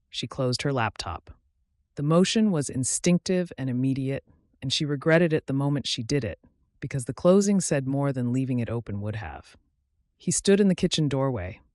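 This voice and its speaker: A man reading a romance audiobook in a calm, measured way, his voice softly dropping at the ends of sentences. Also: medium pitch, dry recording, clean studio sound. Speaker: audiobook narrator. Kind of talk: scripted audiobook narration.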